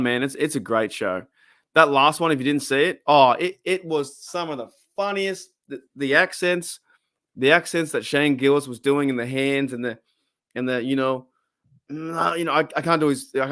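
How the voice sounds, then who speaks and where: A man's voice: medium pitch, normal speed, fairly bright tone, no echo, studio quality. A man with an Australian accent hosting a casual live stream, rambling and chatty, reading out chat and laughing often.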